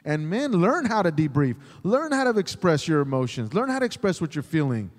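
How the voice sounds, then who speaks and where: A middle-aged man, a chaplain, teaching in a sermon style, animated, acting out the voices he quotes. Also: on the high side, brisk, long reverb tail. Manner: animated, acts out quoted voices, repeats words when starting. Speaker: chaplain and pastor.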